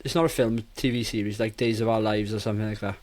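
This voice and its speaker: A man co-hosting a casual movie review podcast, talking in an animated, rambling way and often interrupting himself. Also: fairly low pitch, quick pace. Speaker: podcast co-host.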